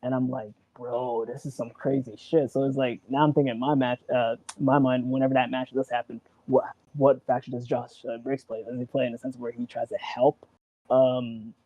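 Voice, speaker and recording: A man in casual chat about wrestling, rambling and excitable, acting out quotes and swearing. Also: mid-range voice, fairly quick, no room sound, muffled recording. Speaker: wrestling show co-host.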